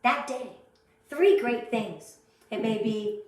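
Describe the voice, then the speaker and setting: A woman's voice: on the high side, big pitch swings, measured pace, darkish tone, distant mic. A middle-aged woman giving a heartfelt, chatty motivational training talk to her sales team, laughing often. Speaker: direct sales team leader. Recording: very echoey room, away from the mic.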